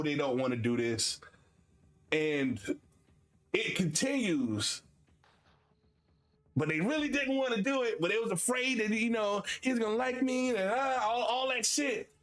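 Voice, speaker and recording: A man in his forties from Florida, hosting a stream and telling stories in casual chat, animated and laughing, swinging between high excited bursts and low asides. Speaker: streamer and host.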